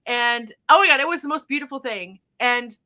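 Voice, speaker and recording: Speaking briskly in a voice on the high side, a psychic medium hosting a podcast tells a story in casual conversation. She's animatedly excited and uses spiritual language.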